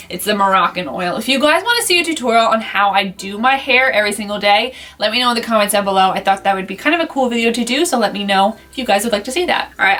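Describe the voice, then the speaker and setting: A young woman talks through her favorite beauty products in a casual, rambling way, full of asides and gushing enthusiasm. Her voice sits at an ordinary middle pitch for a woman. She sounds like she is speaking straight to camera at home. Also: a bit bright. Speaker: beauty vlogger. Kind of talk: casual product review chat.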